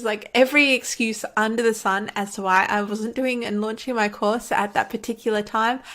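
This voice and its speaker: A woman's voice: mid-range voice, a bit bright. A woman who makes online courses, talking casually to camera in an encouraging, chatty way and laughing often. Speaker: online course creator and coach. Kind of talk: casual talk to camera teaching.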